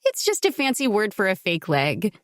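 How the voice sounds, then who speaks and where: A woman reading an audiobook, voicing a firm, teasing young wife who talks briskly and keeps reassuring the people around her. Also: medium pitch, wildly swooping pitch, no room sound, studio quality.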